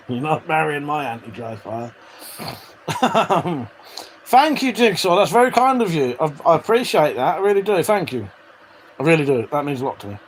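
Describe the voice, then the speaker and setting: Male streamer, fairly high voice, loose and sweary, faint hiss behind. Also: big pitch swings, moderate pace, long pauses, rough recording. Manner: chatty, swears freely, laughs often. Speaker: livestream host reading chat. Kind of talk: casual live-stream chat.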